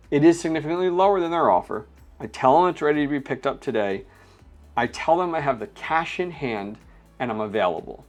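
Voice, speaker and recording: A man hosting a casual unboxing vlog, chatting and explaining hardware step by step with frequent fillers. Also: mid-range voice. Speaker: crypto mining channel host.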